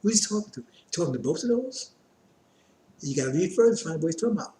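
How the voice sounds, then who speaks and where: A man's voice: on the high side, expressive, quick pace, mellow, a little hiss or hum. Man teaching scripture in a roomy space. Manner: reads verses aloud and explains them loosely, with many asides. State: coughing, strained voice. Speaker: religious teacher.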